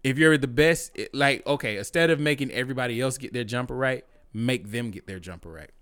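A man's voice: mid-range voice, fairly quick, dry recording. A man co-hosting a casual talk show, opinionated and provocative, swearing freely and often breaking into laughter. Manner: loud, provocative, profane, laughs and shouts. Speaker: podcast co-host.

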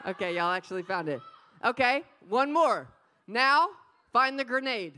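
A woman preaching an energetic sermon, playful and animated, often talking straight to the crowd. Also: fairly high pitch, moderate pace. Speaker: pastor.

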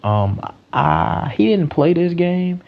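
A man's voice: on the high side, big pitch swings, slow, creaky, lo-fi sound. A man hosting a solo sports podcast, talking loosely and rambling, with lots of slang and swearing.

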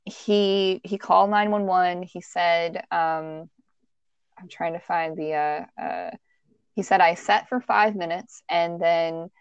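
A woman's voice: on the low side, steady tone, slow pace, clear, resonant tone, no echo, muffled recording. A woman hosting a podcast, telling a true-crime story in a casual, conversational way with frequent restarts and fillers. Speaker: podcast host.

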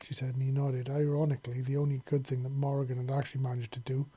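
A man narrating a story chapter in a steady, earnest reading voice. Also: medium pitch, fast, slightly rough. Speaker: audiobook narrator.

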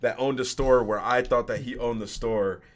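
A man's voice: mid-range voice, fairly even intonation, normal speed, background noise. A man in his twenties, a podcast guest, casually telling a personal story with slang and swearing. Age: 20s.

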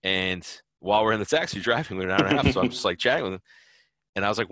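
Low-voiced man rambling in an interview. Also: expressive, fast, fairly bright tone, dry recording, studio quality. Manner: rambling, many fillers and restarts. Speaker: interview guest, traveler. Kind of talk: casual conversational interview.

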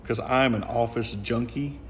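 A man's voice: medium pitch, steady tone, moderate pace, fairly bright tone, slight background noise. A man, hosting a podcast in a jokey, rambling way with many restarts. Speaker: podcast host. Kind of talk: casual podcast chat. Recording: roomy reverb.

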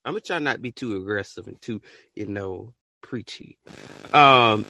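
A man hosting a podcast, ranting his opinion in an animated, profane way and bursting into shouts. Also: on the low side, normal speed, gravelly, dry recording, clean studio sound. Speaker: podcast host.

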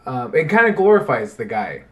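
A man's voice: medium pitch, normal speed. Rambling man chatting on a podcast. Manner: rambling, animated, swears freely. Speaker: podcast co-host. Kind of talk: casual chat.

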